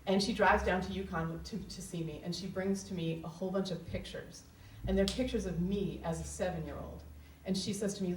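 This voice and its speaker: A woman's voice: fairly low pitch, steady tone, fairly quick, a little hiss or hum. Earnest, candid woman storyteller on a live stage, roomy room, mic at a distance, faint ambience.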